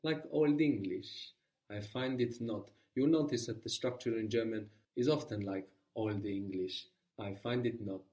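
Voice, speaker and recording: A man's voice: on the low side, moderate pace, few pauses, a little mellow, recorded from a distance. A man teaching a guided language lesson, patiently prompting his student with questions.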